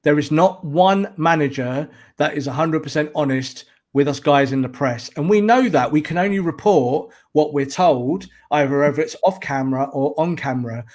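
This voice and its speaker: A man, a football journalist guest on a podcast, talking in an animated, emphatic way and repeating words to press his points. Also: on the high side, moderate pace, few pauses. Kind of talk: casual podcast chat.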